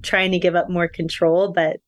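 A woman's voice: lowish voice, level tone, normal speed, crowd noise. A young woman as a podcast guest, talking candidly and reflectively about her faith and personal struggles. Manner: earnest, reflective, faith-centred talk.

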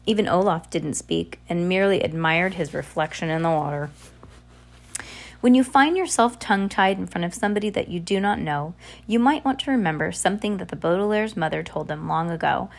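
Woman reader, fairly low voice, plain steady storybook narration. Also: fairly quick, vocal fry. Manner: steady, plain reading with small slips. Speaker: audiobook reader. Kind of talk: storybook narration read aloud.

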